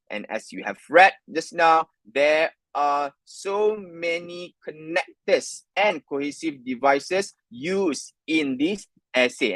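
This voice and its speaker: A man's voice: on the high side, fairly bright tone, dry recording, poor audio. A man teaching a live online writing lesson, explaining tasks step by step. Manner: explanatory, walks through examples step by step. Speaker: English teacher.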